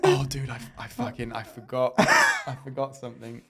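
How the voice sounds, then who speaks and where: A man's voice: mid-range voice, lively intonation, normal speed, heavy background noise. A man co-hosting a comedy podcast, telling a rambling, sweary story in casual chat. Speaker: podcast co-host.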